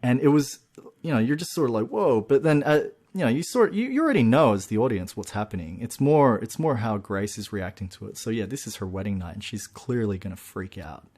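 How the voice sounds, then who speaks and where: Low-voiced man recapping a film. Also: fairly quick. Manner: animated, recounts plot in long winding sentences. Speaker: podcast co-host. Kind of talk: casual film-review chat.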